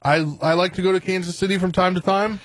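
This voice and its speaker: A male co-host on sports radio gives his takes in a relaxed, offhand manner. His voice sits a bit high for a man, and the studio sound is dry. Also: fast talker, no echo. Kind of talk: casual sports talk.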